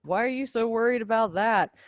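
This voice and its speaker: A woman's voice: fairly high pitch, a little fast, dry recording, natural voice. A woman voicing a blunt, vengeful young prince in a casual class summary. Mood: insistent.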